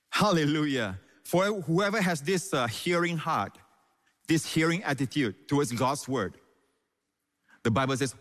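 A man preaching from the pulpit in a mid-pitched voice. He stresses his lines, repeats them for weight, and calls out hallelujah between points. The sound rings with the long reverb of a large hall. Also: animated, unhurried, fairly bright tone. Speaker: pastor. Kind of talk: sermon.

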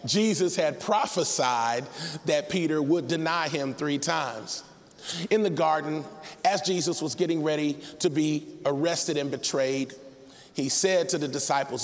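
A man preaching a sermon in an animated way, acting out the people in his story and sometimes half-singing his phrases. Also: on the high side. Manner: animated, acts out characters, sings phrases. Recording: long hall reverb.

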